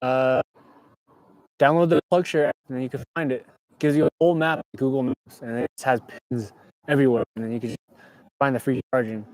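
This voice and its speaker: A young man from California hosts a relaxed livestream from inside his parked car and talks back to viewers' comments as they come in. His voice sits at an ordinary middle pitch for a man. It is picked up by a clip-on mic with a close, dry sound and no room echo. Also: a little fast. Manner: laid-back, reading viewer comments aloud. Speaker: livestream host. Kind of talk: casual livestream chat.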